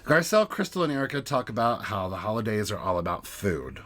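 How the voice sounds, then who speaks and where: A man co-hosting a podcast, giving a sarcastic, animated recap in casual chat. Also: lowish voice, fast talker. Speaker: podcast co-host.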